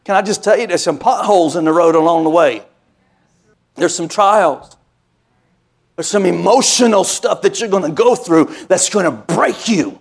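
A man's voice: high voice, animated, normal speed, vocal fry. A male pastor preaching a sermon, telling folksy stories with call-and-response asides and building into emphatic, repetitive cadences.

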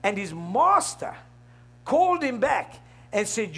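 A man's voice: sits high, sing-song, slow pace, a bit bright, breathy edge. A middle-aged man preaching a sermon, asking the congregation questions and laughing along with them. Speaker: pastor.

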